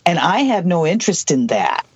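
Older guest from the Southwest, rambling and halting, dry dull lo-fi sound. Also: medium pitch, very animated, slightly rough, no echo. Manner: halting, many restarts and asides. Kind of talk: rambling personal storytelling.

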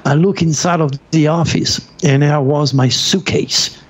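A middle-aged man from France telling a personal story in an excitable, dramatic way, with slips in his grammar. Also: a little high, unhurried. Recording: dull lo-fi recording.

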